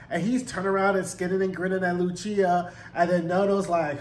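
A man's voice: high voice, brisk, a little hiss or hum. A man recapping a TV episode in a casual, slangy vlog, acting out the characters' lines as he goes. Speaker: TV show reviewer. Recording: roomy echo.

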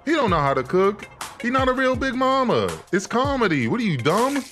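A man's voice: very high-pitched, sing-song, a little fast, a bit bright, soft background music. A man giving blunt, sarcastic, profane commentary while recapping a movie on a reaction stream.

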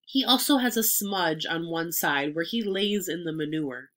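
A woman's voice: lowish voice, normal speed, a bit bright, natural voice. A woman reading aloud and voicing a determined farm wife with a firm, matter-of-fact manner.

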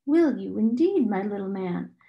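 A woman voicing a sinister man who talks gently and condescendingly. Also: mid-range voice, animated, normal speed, creaky, muffled recording. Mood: soothing menace. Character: sinister man, soothing and menacing.

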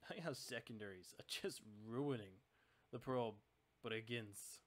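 Brief: a man of average pitch talking through his game casually, analyzing tactics aloud. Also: expressive, normal speed, fairly bright tone. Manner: chatty, analytical, thinking aloud about tactics. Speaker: channel host playing a naval strategy game. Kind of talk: casual let's-play commentary.

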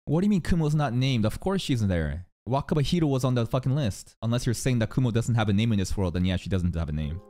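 A man streaming live, commenting on an anime episode and talking to his chat. He swears constantly and swings from loud, excited yelling to low muttering. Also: quick pace, few pauses, soft background music. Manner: talks to chat viewers.

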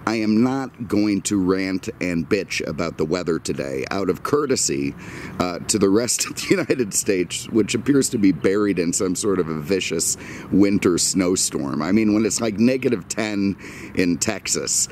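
Deep-voiced man on a sarcastic rant. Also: expressive, normal speed, a little mellow, a little hiss or hum. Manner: sarcastic, grumbling mock-rant. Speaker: car dealer and video host. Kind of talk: casual outdoor vlog rant. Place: outdoors at a car lot.

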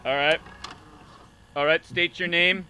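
An actor playing a tired male casting director running auditions in a flat, businesslike way. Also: fairly high pitch, takes it slowly, a little hiss or hum, full character voice. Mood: bored.

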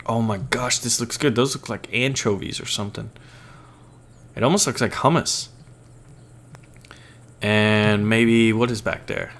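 A man's voice: medium pitch, steady tone, measured pace, long pauses, fairly bright tone. A man with a scratchy voice, giving joking, casual commentary on a game as he plays. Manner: playful, jokey, casual. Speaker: gaming channel host. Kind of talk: let's play commentary.

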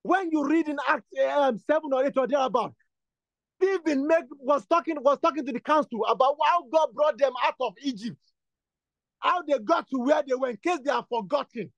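A man's voice: very high voice, lively intonation, normal speed, no echo, highs cut off. A man leading a prayer session, preaching and praying in an insistent, repetitive way that builds to fervent bursts. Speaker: prayer leader. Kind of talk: exhortation and spoken prayer.

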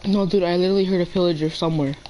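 A teenage gamer chats playfully while playing a video game, talking to the animals in it. His high voice races along with fairly even intonation and a dark tone, and the poor-quality audio carries a little hiss or hum.

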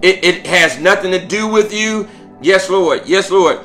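A man's voice: high-pitched, unhurried, a bit bright, soft background music. A man leading a prayer call, preaching fervently, repeating himself with stammered restarts and calls of praise. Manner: interjects "glory to God" and "hallelujah".

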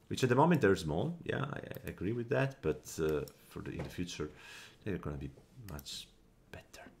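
A man giving casual commentary on his strategy game, thinking aloud, counting under his breath and flashing quick annoyance at setbacks. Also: sits low, sing-song, vocal fry, a little mellow, slight background noise. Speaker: gameplay commentator.

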